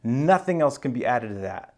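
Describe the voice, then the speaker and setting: A man voicing an angry first-century apostle who scolds his followers loudly and with exasperation. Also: mid-range voice, big pitch swings, moderate pace.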